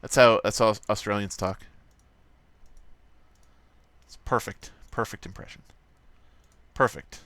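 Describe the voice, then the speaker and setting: A man's voice: lowish voice, steady tone, measured pace, pauses often, fairly bright tone, clean tone, no echo. Rambling, joking man streaming live. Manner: rambling, joking, swears freely. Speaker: livestream host. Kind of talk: casual livestream chatter while drawing.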